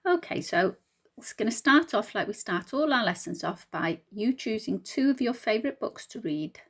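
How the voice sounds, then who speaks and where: A woman teacher giving a recorded reading lesson to young children, speaking slowly and clearly in an encouraging way and asking them questions. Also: fairly high pitch, animated, fairly bright tone. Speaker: primary school teacher.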